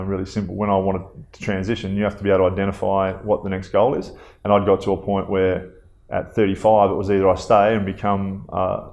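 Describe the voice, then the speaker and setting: Low-voiced Australian man telling stories. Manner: relaxed, conversational, lots of fillers and asides. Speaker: guest. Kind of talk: casual interview storytelling.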